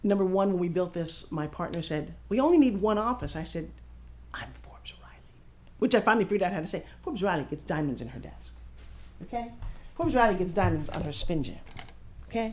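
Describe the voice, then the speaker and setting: A woman in her fifties giving a casual walking tour of her studio, excitable and showy, talking straight to the camera. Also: lowish voice, quick pace, a little hiss or hum. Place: her own studio and offices, indoors.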